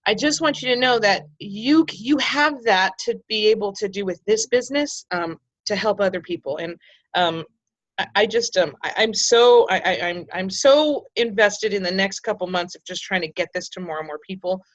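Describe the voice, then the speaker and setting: A woman's voice: mid-range voice, moderate pace. A middle-aged woman leading her sales team on a video call, talking candidly and rambling, with lots of restarts and ums. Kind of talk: casual motivational video call.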